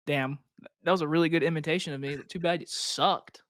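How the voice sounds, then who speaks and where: A young man co-hosting a podcast in casual chat, animated and ranting, swearing freely. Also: a little high, brisk, no echo, clean studio sound. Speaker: podcast co-host.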